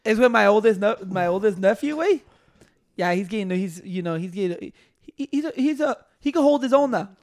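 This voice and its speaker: A man's voice: high voice, expressive, brisk. A man in a casual chat, telling boastful, profane stories with Spanish slang.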